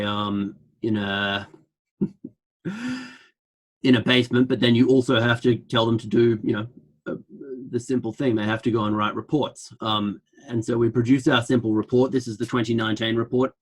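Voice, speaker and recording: A man with an Australian accent giving an online lecture in a flippant, joking way. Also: fairly low pitch.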